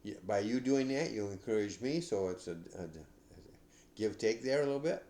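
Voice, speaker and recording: An older man hosting a podcast, giving casual advice in a rambling, halting way with many restarts. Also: lowish voice, lively intonation, warm tone, reverberant. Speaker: podcast host.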